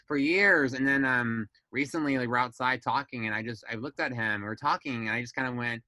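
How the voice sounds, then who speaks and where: A young man chats on a podcast in a bright, forward tone, recorded dry and close. He tells family stories candidly, swears freely and acts out his relatives' lines in a raised voice. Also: medium pitch, a little fast, hardly any pauses, dry recording, rough recording. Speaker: guest. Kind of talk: casual podcast chat.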